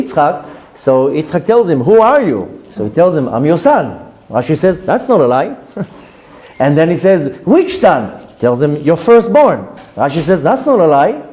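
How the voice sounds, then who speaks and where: A man, a rabbi giving a Torah class and telling stories with lively, acted-out quotes. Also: normal speed. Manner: lively storytelling, voices quoted speakers with big pitch jumps.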